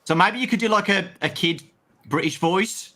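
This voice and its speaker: A man hosting a casual online panel chat, laughing often and bantering quickly over a video call. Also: high-pitched, pushed and bright. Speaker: host.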